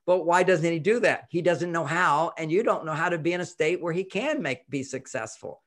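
Higher-voiced man explaining with lively quotes. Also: moderate pace. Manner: animated, acts out quoted voices, chuckles often. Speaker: relationship author and expert guest. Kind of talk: casual interview talk.

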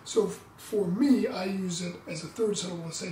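A man explaining trumpet practice in a relaxed, explanatory way, sometimes singing tonguing syllables. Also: sits high, brisk, hardly any pauses. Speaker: trumpet teacher. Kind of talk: instructional demo talk. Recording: roomy, distant mic, faint background noise.

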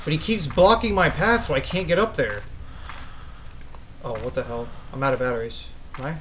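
A man commentating a horror game as he plays, easily spooked, swearing and yelling at the monster. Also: mid-range voice, normal speed, slight background noise, low-quality recording. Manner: jumpy, swears a lot, yells at the monster. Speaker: gaming channel host.

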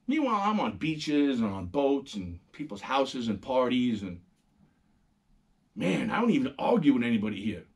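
A middle-aged man, hosting a casual, profane and animated monologue. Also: mid-range voice, normal speed, breathy edge. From New York. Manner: animated, profane storytelling, acting out quoted voices. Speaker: host.

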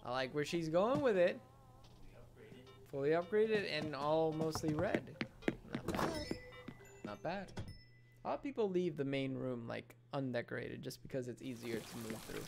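A man casually commenting as a gaming streamer in an excitable, chatty way, reading and answering chat. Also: fairly high pitch, normal speed, gravelly. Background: loud music.

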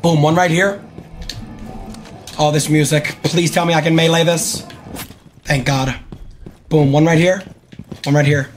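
A man streaming gameplay live, excitable and hyping himself up, repeating his phrases over and over. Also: a little high, a little hiss or hum. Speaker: game streamer.

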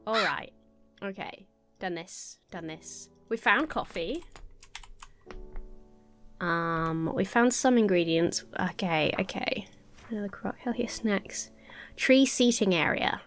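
A woman's voice: on the low side, slow pace, long pauses, fairly bright tone, soft background music. Nasal woman narrating gameplay. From England. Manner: chatty, talks to herself while sorting items. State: nasal from a cold. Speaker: Minecraft let's player. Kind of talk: casual gameplay commentary.

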